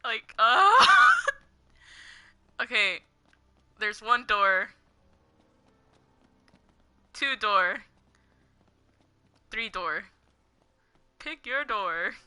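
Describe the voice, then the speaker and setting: A young woman with a very bright, sharp voice talks casually while she plays a game. She rambles and rants, laughs often, and says "like" constantly. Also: medium pitch, big pitch swings, very slow, long pauses, clean tone. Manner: giggly, heavy use of "like", ranting. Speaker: gaming streamer. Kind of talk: casual gameplay commentary, rambling.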